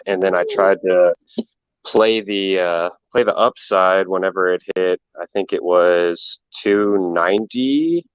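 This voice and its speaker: Low-voiced man calling in from work. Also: takes it slowly, clean tone, no echo, muffled recording. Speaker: caller. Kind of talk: casual call-in chat. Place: at work, audio only.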